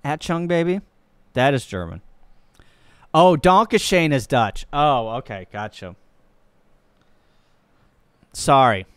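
A man from Missouri talks slowly in a smooth, clear voice, rambling and cracking easygoing jokes as he operates his ham radio. It is a dry, close recording with no room sound. He sounds like an amateur radio hobbyist thinking aloud on a casual live stream. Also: mid-range voice, big pitch swings, fairly bright tone, no room sound. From Missouri, USA.

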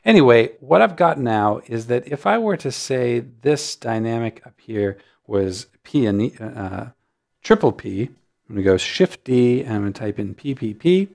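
A man hosting a music notation software tutorial, explaining settings in a relaxed way with frequent ums. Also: mid-range voice, moderate pace, vocal fry. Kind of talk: screen-recorded software tutorial.

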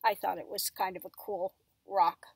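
A tarot reader, a woman, chatting casually at home in a rambling way and cooing softly to her dog in between. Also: medium pitch, little pitch movement, normal speed, gravelly, husky, no room sound. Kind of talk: casual chat.

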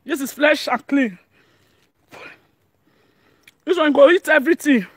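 A woman's voice: high-pitched, unhurried, no room sound, clean studio sound. A woman with a Nigerian accent chatting casually to her vlog audience, laughing often and speaking pidgin English. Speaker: vlogger. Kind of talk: casual home vlog chat.

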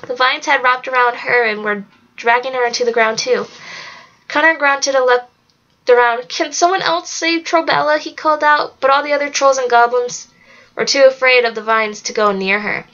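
A woman reading a novel aloud at a steady pace, now and then slipping on a word and correcting herself. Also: fairly high pitch, normal speed, lo-fi sound. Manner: steady reading with occasional slips and self-corrections. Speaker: narrator.

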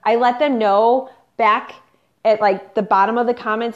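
A woman business coach runs an unscripted Facebook live training, upbeat and pushy, coaching viewers directly and sprinkling in "like" and "you guys." Her voice is on the high side, steady in tone, at a moderate pace. The livestream audio is slightly dull and lo-fi.

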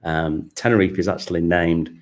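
A man's voice: deep voice, steady tone, normal speed. A man from Manchester with a British accent, talking casually as a podcast guest and repeating words as he goes. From Manchester, England. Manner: chatty, repeats words, laughs easily. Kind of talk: casual interview.

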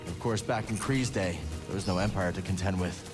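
A man voicing a calm young Jedi hero. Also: sits low, brisk, music in the background, lightly acted. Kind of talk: video game dialogue.

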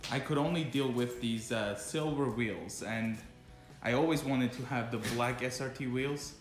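A casual man talks through his car project in a relaxed vlog voice at an ordinary pitch. The sound carries a roomy echo, and faint music runs in the background. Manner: chatty, loose, talks to his dog between remarks. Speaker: car vlogger.

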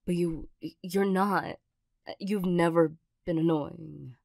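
A woman voicing an awkward young girlfriend, gruff but loving, in a whispered role-play, hesitant and stammering with nervous little laughs. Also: lowish voice, steady tone, slow, darkish tone, dry recording, clean studio sound, full character voice. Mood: flustered. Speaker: ASMR role-play performer.

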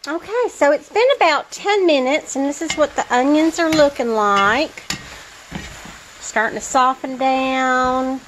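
A woman talks through a recipe in her home kitchen in a chatty, easygoing way. Her voice sits a little high, and she laughs often and stretches some words out. The room gives it a noticeable echo. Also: a little slow, a bit bright, a little hiss or hum. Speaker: home brewing vlogger. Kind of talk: casual kitchen how-to chat.

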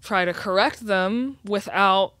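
Woman guest, thoughtful and earnest, mid pitch, dry close mic. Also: slow pace, fairly bright tone, no room sound. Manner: reflective, earnest, many "like" fillers. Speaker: guest, writer and educator. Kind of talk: casual chat.

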